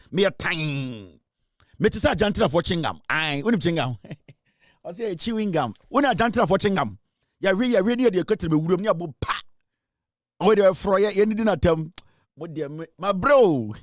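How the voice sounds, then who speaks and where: A young man with a Ghanaian accent hosting live political commentary in a mocking, animated way, often laughing and swinging between loud and low. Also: normal speed, no room sound, studio quality. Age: young adult.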